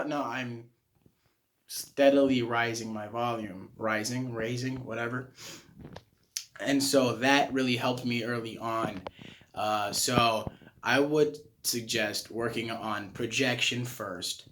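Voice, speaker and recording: A man's voice: mid-range voice, fairly even intonation, slow, a bit bright, a little hiss or hum. Young man rambling through a vocal tutorial. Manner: rambling, many fillers and restarts, swears casually. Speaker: self-taught vocal tutor. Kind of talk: casual tutorial monologue.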